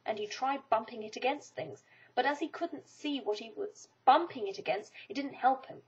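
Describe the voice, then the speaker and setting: A woman reading a children's storybook aloud in an expressive, animated way. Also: on the high side, normal speed, slightly rough. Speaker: storybook reader. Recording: dull lo-fi recording.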